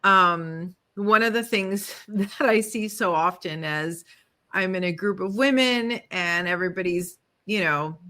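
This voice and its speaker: A woman's voice: on the low side, sharp tone. A middle-aged woman co-hosting a casual talk show, speaking candidly and animatedly, swearing freely and laughing often. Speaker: podcast co-host, studio owner. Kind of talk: casual conversation.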